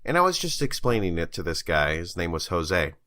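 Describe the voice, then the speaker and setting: A man co-hosting a podcast, chatting casually and telling a story with animated energy, swearing and laughing along the way. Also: sits low, a little fast, no room sound, clean studio sound. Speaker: podcast co-host. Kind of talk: casual chat.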